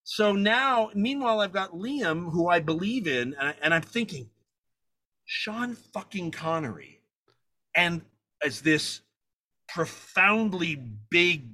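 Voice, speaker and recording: A man telling a story in a conversation, animated and profane, acting out the people he talks about. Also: high voice, measured pace. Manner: animated, profane, acts out the people in his stories. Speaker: guest filmmaker.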